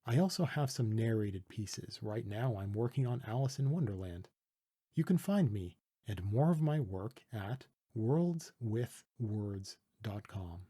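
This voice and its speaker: A Canadian man from Toronto calmly teaching letter sounds, patiently demonstrating pronunciation with a close mic. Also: lowish voice, slightly rough. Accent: Canadian English. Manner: calm, patient, deliberate demonstrating. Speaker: language teacher. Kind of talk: pronunciation tutorial.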